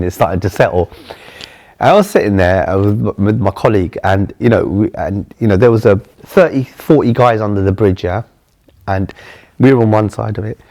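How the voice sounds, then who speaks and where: Middle-aged London man, low and mellow, earnest interview storyteller who restarts phrases. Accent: London English. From England. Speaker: charity chief executive.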